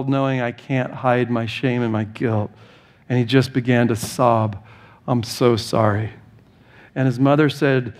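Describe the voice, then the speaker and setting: A man preaching a sermon as pastor, building to passionate emphatic lines and acting out voices in his stories. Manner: impassioned preaching, rising to high emphatic lines; tells stories and acts out quoted voices.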